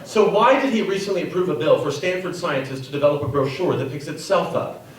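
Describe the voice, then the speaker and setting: A male comedian doing rapid-fire stand-up in a mock-earnest announcer manner. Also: a little high, lively intonation, slight background noise. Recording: live comedy club, echoey, mic far off.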